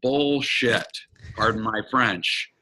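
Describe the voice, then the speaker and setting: A man's voice: fairly low pitch, slow pace, bright, forceful tone, poor audio. A man speaking as an interview guest, a business coach and facilitator who talks frankly and emphatically and swears now and then. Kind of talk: candid interview conversation.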